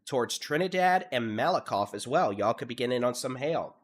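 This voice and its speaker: A Texan man congested from allergies runs live severe-weather coverage at a brisk pace, his steady delivery sometimes going monotone. In a normal, mid-range male pitch, he rattles off town names, storm speeds and hail sizes one after another.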